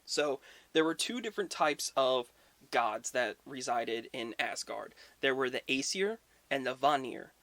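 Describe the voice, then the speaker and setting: A man's voice: medium pitch, animated, a little slow, a bit bright, no echo. A man casually retelling myths as a history video host, informal and conversational with some swearing. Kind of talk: casual storytelling.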